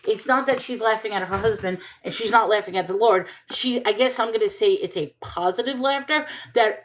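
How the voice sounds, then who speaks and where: A woman reading scripture aloud at a slow, careful pace, then breaking off to puzzle over it in plain, questioning asides. Her pitch sits in an ordinary middle range for a woman. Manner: thinks aloud, questioning and self-correcting; reads scripture slowly and deliberately. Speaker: Bible reader and commentator. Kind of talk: casual Bible reading with commentary.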